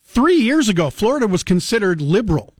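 A talk radio host, a man with a somewhat raised pitch, speaking in an opinionated, conversational manner. His voice is close and dry, with no room sound at all. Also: sing-song, fairly quick, a little mellow, no room sound. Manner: conversational, opinionated, chuckles easily. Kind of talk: talk radio chat taking calls.

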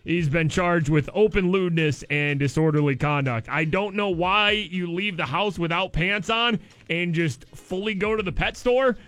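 A man's voice: sits high, moderate pace, fairly bright tone, no room sound, soft background music. A man hosting a radio show from a studio, reading odd news stories in a jokey way and repeating the punchlines.

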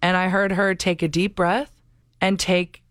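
A woman's voice: fairly low pitch, flat delivery, measured pace, a bit bright, no room sound, clean studio sound. A young adult woman co-hosting a radio show, chatting casually and effusively, laughing often. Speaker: radio co-host.

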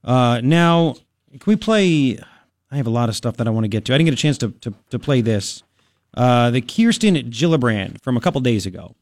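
A man hosting a political talk radio show, combative and sarcastic, talking fast and loose with frequent asides. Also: medium pitch, lively intonation, a little mellow, no room sound, studio quality.

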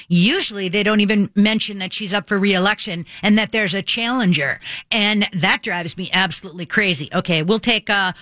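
A woman's voice: mid-range voice, a bit bright, dry recording. A woman from Minnesota hosting political talk radio, emphatic and indignant. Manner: emphatic, indignant, fast asides. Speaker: radio talk show host.

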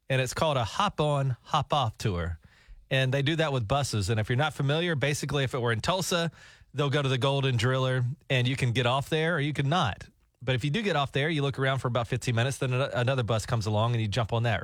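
A man's voice: mid-range voice, a bit bright, no room sound, clean studio sound. A man on a talk show, telling a rambling, jokey travel story with laughs. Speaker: radio show co-host. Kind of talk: casual storytelling chat.

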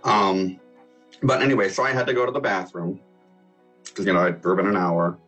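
A young man in his twenties with a low, husky voice recounts a story over a video call. He hesitates often, filling gaps with ums, and stays matter-of-fact. Faint music sits behind him. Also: fairly even intonation, normal speed, fairly bright tone. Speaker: guest caller telling a date story. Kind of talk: casual storytelling.

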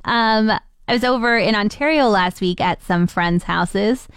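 A female morning radio co-host in easy, teasing banter who likes to tell small anecdotes. Her voice sits at a middle pitch for a woman. It is recorded close and dry in a studio. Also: unhurried, clear, resonant tone, no room sound. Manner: chatty, teasing, storytelling.

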